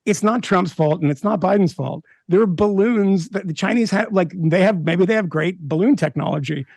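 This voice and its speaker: Casting: man, slightly high gravelly voice, dry close mic, jokey guest. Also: moderate pace, a little mellow, no echo. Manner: jokey, rambling asides. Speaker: podcast guest. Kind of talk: casual political chat.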